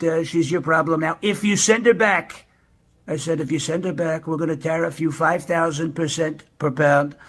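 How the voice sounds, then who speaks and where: A bragging older president impression. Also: male voice, on the high side, fairly bright tone. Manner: rambling bragging monologue, drawn-out superlatives. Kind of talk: comedy impression clip played on radio.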